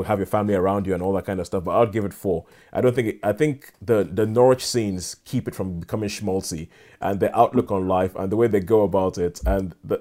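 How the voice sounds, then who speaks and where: A man's voice: fairly low pitch, warm tone. An enthusiastic man reviewing a film in casual chat, often restarting his sentences. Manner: enthusiastic, halting with many restarts.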